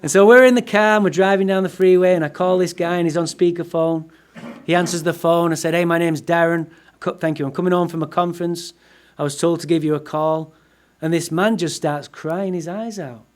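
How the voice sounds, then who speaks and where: Male speaker, fairly high voice, lively comic storyteller, swears freely, talking to a room. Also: a little fast. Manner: animated, profane, comic storyteller. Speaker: speaker at a recovery meeting. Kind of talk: humorous personal storytelling talk. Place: meeting room before a live audience.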